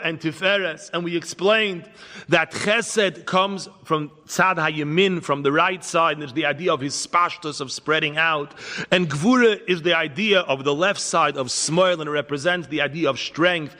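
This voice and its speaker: Man lecturing in a bright, reverberant hall. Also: a little high. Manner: storytelling, teaching with parables, Hebrew terms woven in. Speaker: rabbi giving a lecture. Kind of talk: Torah lecture.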